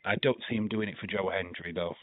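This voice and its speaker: A man co-hosting a podcast, chatting casually and bantering. He often trails off quietly at the ends of his sentences. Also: sits low, steady tone, fast talker, no echo. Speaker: podcast co-host. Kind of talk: casual chat. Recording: tinny phone-like line, dry.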